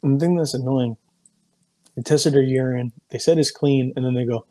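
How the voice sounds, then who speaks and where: A man's voice: medium pitch, steady tone, fairly quick, mellow, no room sound. A young man co-hosting a casual podcast, telling stories in a heated, profanity-heavy way. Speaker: podcast co-host. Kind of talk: casual chat.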